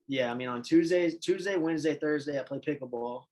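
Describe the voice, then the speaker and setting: A man who is an assistant coach, a guest on a podcast, talking in a relaxed, rambling, self-deprecating way. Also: on the high side, a little fast, low-quality recording. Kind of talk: casual chat.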